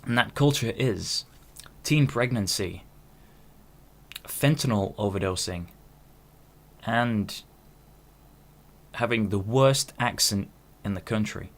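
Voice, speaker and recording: A man's voice: lowish voice, takes it slowly, long pauses, a bit bright. A man in his twenties hosting a podcast, talking in a rambling, self-interrupting solo monologue with casual swearing. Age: 20s. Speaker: podcast host.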